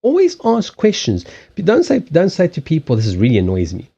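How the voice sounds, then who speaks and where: A man hosting a casual livestream chat, blunt and animated, swearing freely and acting out quoted lines. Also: on the high side, fairly quick, slightly rough, dull audio. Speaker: livestream host.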